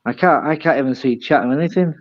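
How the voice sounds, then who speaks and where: A man's voice: fairly high pitch, quick pace, no room sound, muffled recording. An older man with a British accent, chatting casually as a guest, rambling and self-deprecating. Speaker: guest caller. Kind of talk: casual chat.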